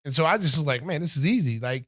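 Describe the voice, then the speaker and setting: A man's voice: fairly high pitch, quick pace, dry recording, studio quality. A middle-aged man hosting a podcast, telling a story in casual chat and acting out what others said. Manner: animated storyteller, acts out quotes of others. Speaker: podcast host.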